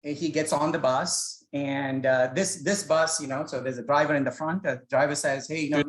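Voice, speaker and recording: A man's voice: a little high, steady tone, normal speed, echoey room, low-quality recording. A man leading a scripture study session, talking in a hesitant, conversational way and telling stories as he explains. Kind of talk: informal spoken lecture with storytelling. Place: self-recorded study session.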